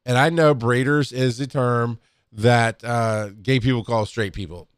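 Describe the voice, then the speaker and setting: A middle-aged man co-hosting a podcast, telling a story in casual chat, swearing freely and loudly acting out quotes. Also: mid-range voice, fairly even intonation, unhurried, clean tone, no echo, studio quality. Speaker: podcast co-host.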